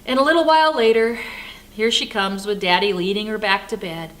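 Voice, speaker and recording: In a mid-range voice and at a fairly quick pace, an older woman pastor recounts a personal experience as a devotional message. Her tone begins lively, then softens into reflection.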